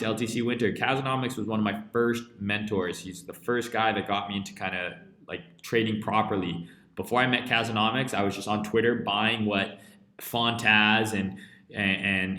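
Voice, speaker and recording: A man's voice: fairly low pitch, a bit bright, reverberant. A man from rural Canada with a Canadian accent, ranting bluntly and profanely in a casual trading live stream while reading chat. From rural interior British Columbia, Canada. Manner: blunt and profane, heavy swearing.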